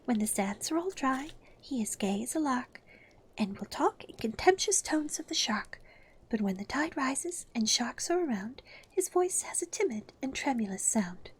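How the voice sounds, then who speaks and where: A woman voicing the young girl Alice in a whispered role-play, in a soft, hushed, high voice. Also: big pitch swings, normal speed, husky, heavily acted. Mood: nervous recital.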